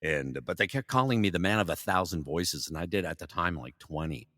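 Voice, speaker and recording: A middle-aged male voice actor telling animated stories in a casual interview, full of fillers. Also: low voice, a little fast, dry recording, clean studio sound, long reverb tail. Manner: animated anecdotes, frequent fillers and laughs. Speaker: voice actor guest.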